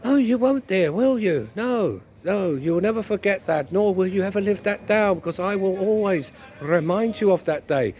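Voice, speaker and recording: A man's voice: sits high, expressive, moderate pace, few pauses, a little mellow, a little hiss or hum, voice pushed up. A man putting on a nagging wife's voice. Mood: mocking. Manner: sweetly mocking, repeats "dear". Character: nagging middle-aged wife who never lets things go.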